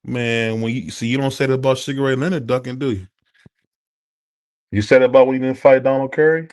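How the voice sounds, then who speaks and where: Fast-talking man firing rhetorical questions. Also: mid-range voice, steady tone, darkish tone. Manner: quick, challenging, rhetorical questions. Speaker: panelist. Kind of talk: heated sports debate.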